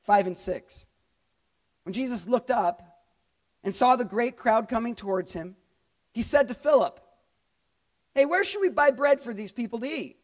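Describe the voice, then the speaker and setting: A man with a very high voice preaches a sermon as a pastor, animated and conversational. He jumps into character voices for the people in his story. He is middle-aged and addresses the congregation directly. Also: normal speed, pauses often.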